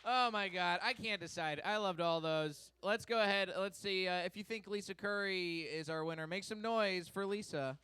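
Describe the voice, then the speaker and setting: A man's voice: high voice, moderate pace, few pauses, pushed and bright, clean tone. A man hosting a live comedy game show on a theater stage, announcing contestants with upbeat hype. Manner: upbeat announcing, hyping names to a crowd.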